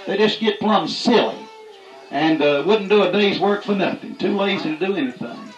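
A man preaching a fiery, folksy sermon, punctuating his points with "that's right" and rising to shouts. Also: sits high, lively intonation, normal speed, echoey room, lo-fi sound, soft background music.

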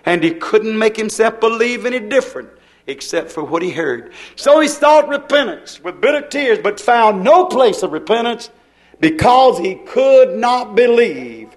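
A man's voice: high voice, sing-song, measured pace. A man preaching a sermon, telling the story in a folksy way and repeating key phrases.

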